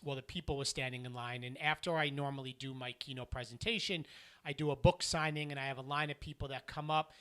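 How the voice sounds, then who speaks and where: A middle-aged man giving a motivational podcast talk, earnest and emphatic, going quieter as he tells personal stories. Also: medium pitch, steady tone, fast. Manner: earnest and emphatic, drops softer when telling stories. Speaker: motivational keynote speaker.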